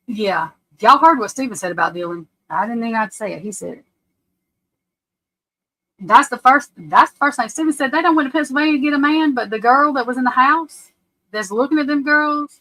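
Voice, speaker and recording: A woman hosting a live stream, giving casual true crime commentary in a blunt, profane, animated way and often laughing. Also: high-pitched, poor audio. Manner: laughs often while telling stories. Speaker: livestream host. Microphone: webcam or desk mic on a live stream.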